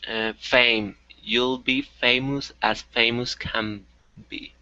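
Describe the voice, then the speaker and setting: A man learning reads a rhyme aloud very slowly and haltingly, repeating words until they come out right. His voice is bright and close. The sound is dry and muffled. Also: medium pitch, steady tone, dry recording. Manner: slow, halting reading with repetitions. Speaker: student. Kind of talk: reading aloud in a language class.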